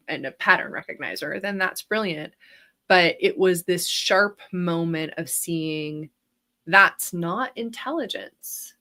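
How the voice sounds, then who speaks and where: A woman telling a personal story in casual chat, animated, laughing often and using many fillers. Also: fairly low pitch.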